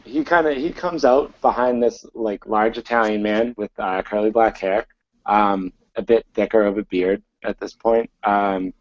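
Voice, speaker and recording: A man's voice: lowish voice, a little mellow, lo-fi sound. A man narrating a tabletop game as game master, rambling with many fillers over an online call.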